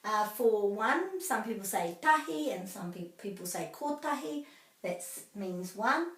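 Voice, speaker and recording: A woman's voice: mid-range voice, lively intonation. New woman teaching pronunciation. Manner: slow, careful drilling of words with repetition. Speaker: language teacher. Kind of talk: pronunciation lesson. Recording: echoey room, mic at a distance.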